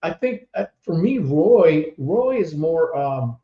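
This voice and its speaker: Animated man hosting a podcast. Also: a little high, slow. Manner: animated storyteller, laughs often. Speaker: podcast host. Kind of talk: casual chat. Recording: roomy, dull online stream audio.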